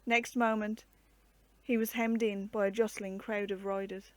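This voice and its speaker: Storyteller: woman, mid pitch, steady measured reading, dry close sound. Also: no echo.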